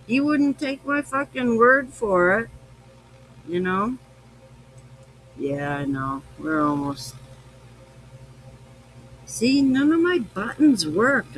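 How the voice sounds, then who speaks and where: Tipsy, rambling high-voiced man. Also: fairly bright tone, a little hiss or hum, rough recording. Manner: rambling, profane, affectionate. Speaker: podcast host. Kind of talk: casual live-stream chat.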